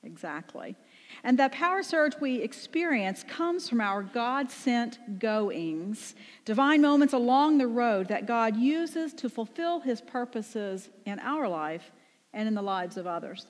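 A woman's voice: on the high side, expressive, unhurried. A woman pastor delivering a conversational sermon, often asking the congregation rhetorical questions. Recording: long reverb in a large room.

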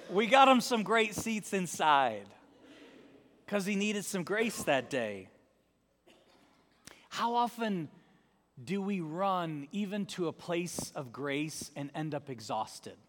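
A male pastor giving a sermon in an emphatic, repetitive style, dropping into soft tones for effect. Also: high voice, big pitch swings, slow, a little hiss or hum. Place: large church. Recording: long reverb of a large church.

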